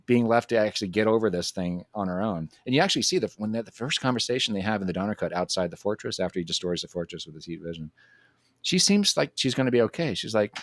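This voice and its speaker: A man with a lowish voice talks through the choices behind a film's alternate cut, steady and analytical. He sits close to a dry microphone. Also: fast, no echo. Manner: analytical, cites production history. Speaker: podcast co-host. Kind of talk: casual film discussion.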